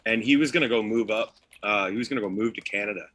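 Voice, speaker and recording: A man's voice: lowish voice, fast talker, fairly bright tone, dry recording. A young man chatting casually, telling a long anecdote packed with "like" and "uh". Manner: filler-heavy storytelling.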